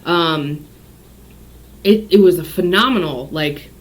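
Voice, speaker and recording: A woman's voice: fairly low pitch, takes it slowly. A woman psychic giving a casual daily tarot and astrology reading, rambling off on tangents and swearing freely.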